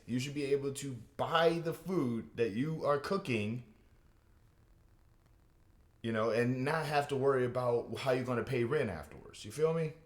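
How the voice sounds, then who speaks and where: A man doing a rambling, animated stand-up comedy rant, with many restarts and asides. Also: medium pitch, roomy sound.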